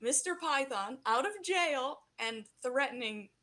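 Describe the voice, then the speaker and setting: A woman narrating as game master of a tabletop role-play game, acting out characters with animated delivery. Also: high-pitched, a little slow.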